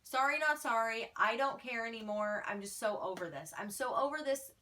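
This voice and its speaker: A woman's voice: on the high side, normal speed, pushed and bright, recorded from a distance, slight background noise. A woman fan page admin answering fan questions in a casual vlog, blunt, feisty and exasperated.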